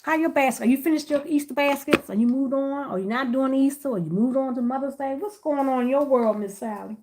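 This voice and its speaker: Woman livestream host; chatty and easygoing, talks to viewers by name, a little high-pitched, soft crinkle of wrapping behind. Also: brisk, background noise. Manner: chatty, laughs often, addresses viewers by name. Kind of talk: casual livestream chat.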